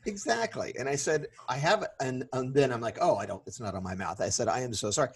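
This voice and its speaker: A husky middle-aged man tells a story on a casual podcast. He talks in an animated way and slips into the voices of the people he quotes. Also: mid-range voice, quick pace. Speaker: podcast co-host.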